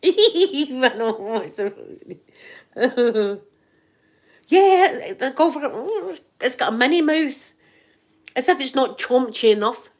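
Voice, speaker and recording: A woman's voice: sits high, lively intonation, takes it slowly, a little mellow. A Scottish woman hosting an ASMR channel, chatting casually with live viewers in a giggly, joking, rambling way.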